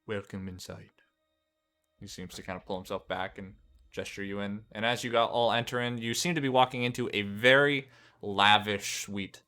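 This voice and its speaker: A man's voice: lowish voice, brisk, pushed and bright, clear, resonant tone. A man narrating a tabletop game as game master, rambling with fillers and restarts as he describes scenes.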